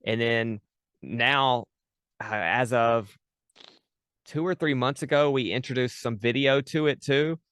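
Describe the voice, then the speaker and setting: A man's voice: mid-range voice, a little slow, pauses often, a bit bright, clean tone. A man chatting casually as a guest, talking about running his tabletop game podcast, with many fillers and restarts. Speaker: podcast dungeon master, guest. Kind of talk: casual interview chat.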